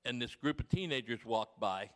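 An older man giving a folksy mission testimony to a congregation, telling stories with gentle humour. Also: medium pitch, lively intonation, normal speed. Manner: homely storytelling with gentle humour. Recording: long reverb of a large hall.

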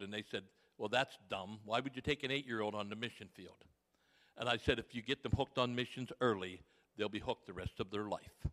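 Older man testifying in a reverberant hall. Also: medium pitch. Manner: homely storytelling with gentle humour. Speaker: church member giving a mission testimony. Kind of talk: folksy testimony to a congregation. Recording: long reverb of a large hall.

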